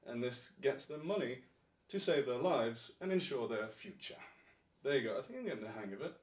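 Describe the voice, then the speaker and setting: A man's voice: medium pitch, animated, fairly quick, roomy sound, recorded from a distance. A man streaming for charity in a put-on Australian accent, joking and mocking himself as he chats with viewers. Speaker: charity livestreamer. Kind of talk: casual livestream chat.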